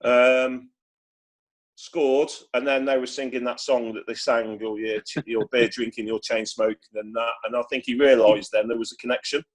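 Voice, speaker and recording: Man, mid pitch, loose rambling storyteller on a video call. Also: level tone, moderate pace. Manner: chatty, rambling with many restarts and acted quotes. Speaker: former footballer guest. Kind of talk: casual storytelling.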